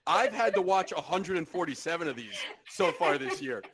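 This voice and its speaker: A man's voice: fairly high pitch, lively intonation, moderate pace, a crowd in the background. A man co-hosting a casual podcast, sardonic and mock-miserable, swearing often. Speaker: podcast co-host.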